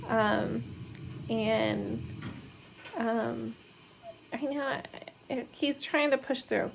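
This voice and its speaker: Tired mom vlogging at home, slow, kinda gravelly, lots of ums and laughs, faint room hum. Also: female voice, fairly high pitch, poor audio. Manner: rambling, many fillers, laughs to keep from crying. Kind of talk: casual vlog chat. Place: home laundry area.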